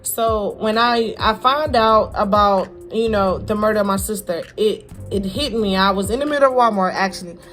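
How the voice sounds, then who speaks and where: A young woman from Florida, telling a personal story to camera in a halting, repetitive, heartfelt way with casual slang. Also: medium pitch, fairly bright tone, faint music behind. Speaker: vlogger.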